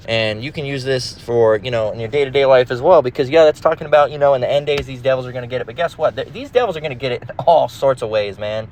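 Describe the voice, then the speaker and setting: A man's voice: mid-range voice, fast talker, hardly any pauses, a little hiss or hum. A man preaching in a casual, emphatic, profane manner, reading scripture and rambling with restarts, recorded in a car. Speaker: religious teacher.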